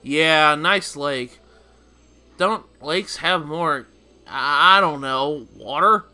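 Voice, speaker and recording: A man's voice: fairly high pitch, extremely slow, pushed and bright, faint music behind, exaggerated voice. A man reading out the lines of a grumpy, weary video game shopkeeper in a grumbling, sarcastic way.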